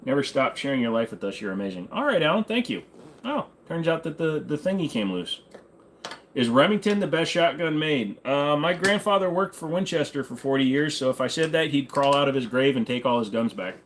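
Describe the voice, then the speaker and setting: A man's voice: on the high side, animated, brisk, a little hiss or hum. A man hosting a casual livestream Q&A, joking and irreverent, answering chat questions while fiddling with gear. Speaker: host. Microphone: desk microphone.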